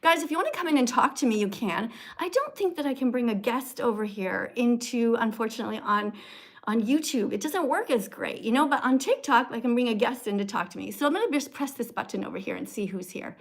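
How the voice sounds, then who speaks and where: A woman's voice: on the high side, animated, brisk. A woman in her sixties hosting a casual livestream, chatty and upbeat, laughing as she greets viewers and reads comments. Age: 60s. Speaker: livestream host. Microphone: phone camera livestream.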